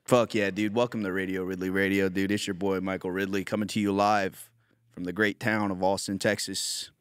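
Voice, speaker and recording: A man's voice: deep voice, little pitch movement, a little fast, smooth, dry recording, studio quality. A man from Virginia hosting a comedy podcast in a crude, rambling, boastful monologue. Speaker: podcast host.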